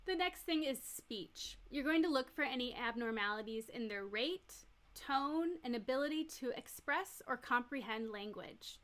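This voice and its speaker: Female nurse educator, somewhat high and bright voice, plain step-by-step lecturing. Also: lively intonation, normal speed, hardly any pauses. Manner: clear, step-by-step explaining with everyday examples. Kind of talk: recorded teaching lecture.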